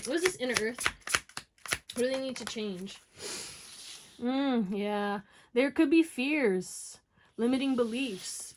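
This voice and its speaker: A woman giving a casual pick-a-card tarot reading, talking straight to her viewers with lots of "okay?" and "you know what I'm saying?". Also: a little high. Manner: slang-flavored, encouraging, talks to viewers as y'all. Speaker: tarot reader.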